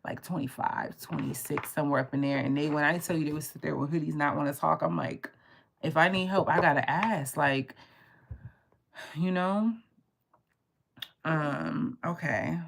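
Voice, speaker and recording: On a live stream, a woman tarot reader chats casually, telling stories in an animated way and swearing freely. Her voice sits low and has vocal fry.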